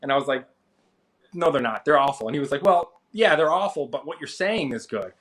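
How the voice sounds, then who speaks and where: A man in his thirties, an interview guest, telling his story in a casual, animated way and acting out what others said. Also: fast talker. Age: 30s. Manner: animated, acts out quoted people with rising pitch. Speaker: interview guest, finance creator.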